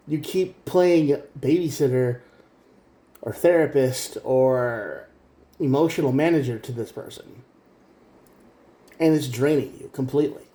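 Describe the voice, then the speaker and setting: A man's voice: medium pitch, dark tone, roomy sound. A man giving a casual spoken tarot reading, earnest and direct, often repeating himself. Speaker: tarot reader.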